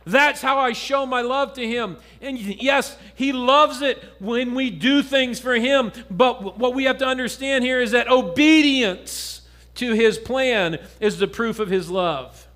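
Pastor, male, high voice, earnest sermon delivery that drops soft and low for stories. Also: a little slow. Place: church.

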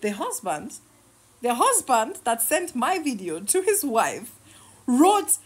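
With a breathy edge and wildly swooping, high-leaning pitch, she talks at an unhurried pace. The online creator, in her thirties, lies in her bed at home ranting casually to camera, sarcastic and fired up, swearing and laughing between jabs.

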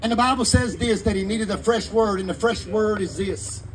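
A man's voice: high voice, normal speed, slight background noise, poor audio. A man, preaching fervently in a sermon to a live congregation. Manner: fervent preaching in Southern vernacular. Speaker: pastor.

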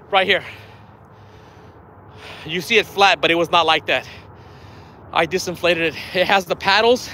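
A man streaming a live fishing vlog outdoors on a riverbank, out of breath, excited and laughing often. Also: high voice, slight background noise. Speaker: fishing vlogger.

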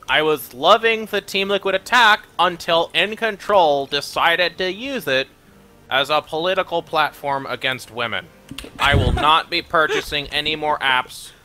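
A man's voice: fairly high pitch, sharp tone. A man putting on a prim, indignant complaining fan. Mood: mock indignant. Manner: slow, mock-formal, indignant. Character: prim offended fan writing a complaint letter.

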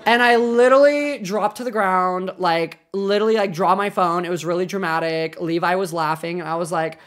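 A woman's voice: fairly low pitch, normal speed, hardly any pauses. Chatty young woman streamer. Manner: chatty, excitable, lots of filler words. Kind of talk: casual livestream chat.

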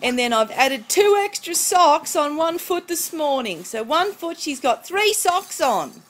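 A woman's voice: high-pitched, sing-song, measured pace, a bit bright. A mother at home, filming her toddler on a phone and chatting to the child in a playful, sing-song baby-talk voice with chuckles. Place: at home indoors. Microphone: phone camera.

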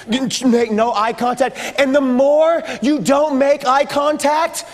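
High-voiced playful preacher in a reverberant church. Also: male voice, normal speed, hardly any pauses. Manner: playful, joking, acts out sounds. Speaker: pastor. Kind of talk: sermon to a youth group. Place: church sanctuary.

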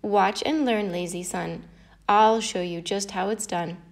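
A woman's voice: mid-range voice, fairly even intonation, a little slow, gravelly. A woman voicing the boastful male north wind in a storybook fable, jeering and bragging.

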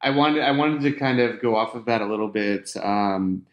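A man's voice: fairly low pitch, moderate pace, dull audio. A man hosting a casual podcast chat, rambling with lots of fillers while steering the conversation. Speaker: podcast host. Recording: roomy echo.

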